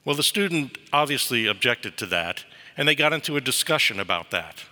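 A man preaching a sermon, telling a story in a lively way. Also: medium pitch, a little fast. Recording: reverberant hall.

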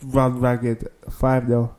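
A man's voice: medium pitch, monotone, drawn-out words, a little mellow. A man, co-hosting a casual football podcast and giving blunt predictions. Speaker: podcast co-host.

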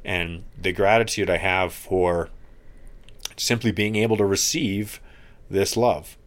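A man co-hosting a podcast, recovering from an injury, speaking in a slow, reflective and earnest way. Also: deep voice, fairly even intonation. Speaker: podcast co-host. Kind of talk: casual podcast chat.

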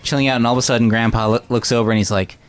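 A man's voice: mid-range voice, very fast, smooth. A man in casual chat walks friends through a film's plot. He tells it with animation, often switching into exaggerated voices for the characters. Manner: animated storytelling, acting out lines in exaggerated voices. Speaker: podcast host recapping a film.

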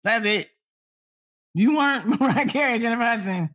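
Bright, animated woman telling stories. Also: on the high side, fairly quick. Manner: animated, laughing, acts out quotes. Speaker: entertainment journalist. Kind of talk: casual interview storytelling.

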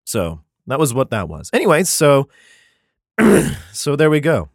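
A man's voice: mid-range voice, wildly swooping pitch, no room sound, studio quality. Sarcastic man reading scripture aloud. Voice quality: profane, sarcastic asides. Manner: reads verses slowly and solemnly, then quips. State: congested, clearing his throat. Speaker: scripture reader and commentator. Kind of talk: bible reading with irreverent commentary.

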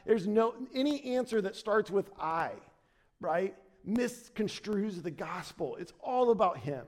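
In a church sanctuary, a pastor delivers a sermon in a slightly higher-pitched voice at a measured pace. He preaches conversationally, repeating himself as he restarts, then pushes his pitch and force up for emphasis.

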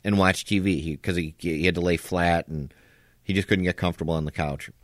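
A man's voice: low-pitched, steady tone, fairly quick, dry recording, clean studio sound. A man in his forties, a podcast co-host telling stories in casual chat and quoting his father. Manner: storytelling, quoting his dad in a gruff voice.

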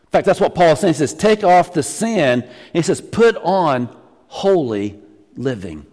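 A middle-aged man preaching to his congregation, his voice sitting a little high for a man. He is animated and teases his listeners as he goes. The sound carries a long echo from the church hall. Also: a little slow. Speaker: pastor. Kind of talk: sermon. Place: church sanctuary.

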